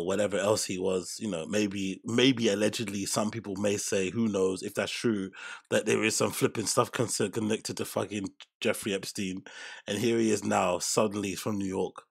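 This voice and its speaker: A man's voice: fairly low pitch, steady tone, moderate pace, creaky, breathy edge. A man reacting to a podcast clip in casual, profane, rambling commentary, stopping and restarting often. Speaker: reaction channel host.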